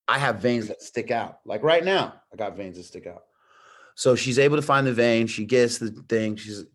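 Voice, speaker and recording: A middle-aged man telling a personal story in casual chat, animated and slangy, acting out what others said. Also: fairly low pitch. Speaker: podcast guest.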